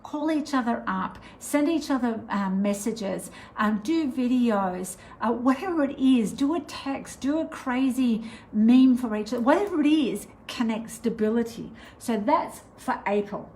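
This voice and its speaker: A woman's voice: a little high, expressive, unhurried, poor audio. Chatty Australian woman teaching to camera. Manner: chatty, meandering, warm and encouraging with many fillers. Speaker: spiritual teacher.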